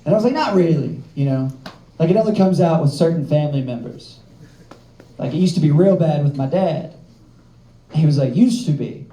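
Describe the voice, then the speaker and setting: A man's voice: a little high, a little fast, pauses often, warm tone, a little hiss or hum. A young man from the American South doing a stand-up comedy set with a loose, rambling delivery full of filler words. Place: comedy club stage with live audience. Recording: roomy club with audience laughter.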